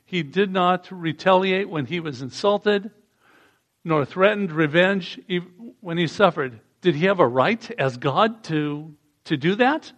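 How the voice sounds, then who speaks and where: A man's voice: high-pitched, expressive, a little slow, a bit bright. A man preaching a sermon, reading scripture aloud and asking the congregation to repeat lines after him. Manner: reads passages aloud and leads call-and-response.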